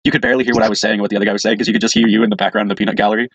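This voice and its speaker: A man's voice: fairly low pitch, little pitch movement, very fast, creaky, husky, no echo. A man co-hosting a casual comedy podcast, telling crude jokes and laughing often. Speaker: podcast co-host. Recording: dull lo-fi sound.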